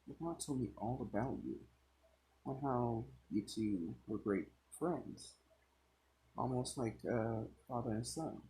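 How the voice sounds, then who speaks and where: A man's voice: mid-range voice, slow, dark tone, a little hiss or hum, lightly acted, rough recording. A man voicing a chatty, teasing young girl in a read-aloud fan story, barely changing his voice.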